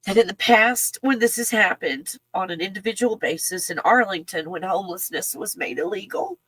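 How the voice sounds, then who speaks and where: A woman talking in an emotional, halting casual monologue, breaking off with sighs and soft laughs. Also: medium pitch, slightly rough, no room sound, low-quality recording. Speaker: channel host.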